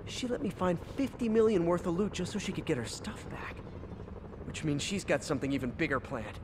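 A man's voice: on the high side, sing-song, fairly quick, background noise. A man voicing a wisecracking young male superhero in a video game, with dry, joking asides. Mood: puzzled. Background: game music.

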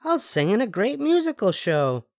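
An older man reading a storybook aloud, putting on a high falsetto voice for a bossy, theatrical little girl who fancies herself a star. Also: huge pitch swings, moderate pace, a little mellow, no room sound, studio quality, exaggerated voice.

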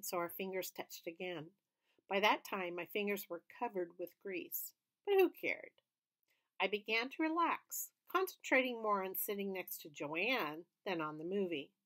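A woman's voice: medium pitch, sharp tone. A woman reading a children's book aloud, narrating steadily and expressively. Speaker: storybook reader.

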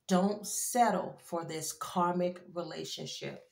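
A woman doing a casual tarot card reading for her viewers, animated and chatty, with frequent exclamations. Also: lowish voice, takes it slowly, creaky, hardly any pauses. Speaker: tarot reader. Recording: echoey room.

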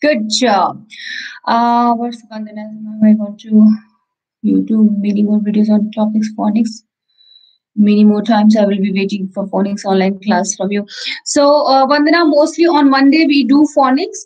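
A woman with an Indian English accent teaching an online preschool class, counting aloud slowly and reading a picture book to small children with encouragement. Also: mid-range voice, steady tone, a little mellow, low-quality recording.

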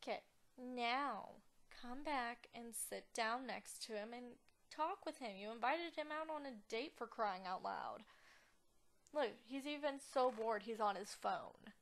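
Young woman, fairly high voice, chatty let's-play commentary that flips into mock outrage. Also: lively intonation, unhurried. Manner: chatty, exaggerated outraged reactions and giggles. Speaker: gaming channel host.

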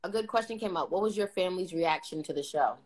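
A woman's voice: lowish voice, animated, fast talker, darkish tone, rough recording. A woman from New York with a New York accent, chatting bluntly on a group video call. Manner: blunt, streetwise slang. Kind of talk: casual group chat. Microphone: phone on a video call.

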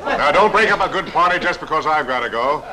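An actor playing a genial, expansive boss in a 1940s film. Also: male voice, on the high side, animated, fast, lightly acted, rough recording. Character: genial, well-off male boss. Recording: old film audio with party crowd.

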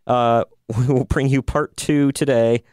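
A man's voice: mid-range voice, fairly even intonation, a little slow, darkish tone, clear, resonant tone, no room sound, clean studio sound. A man hosting a podcast in a casual, upbeat way, now and then stretching out a playful "bro". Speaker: podcast host.

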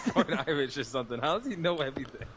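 Jokey guy, mid pitch, crowd chatter behind, voice chat. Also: big pitch swings, rapid-fire. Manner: joking. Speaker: poker player. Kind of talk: casual banter.

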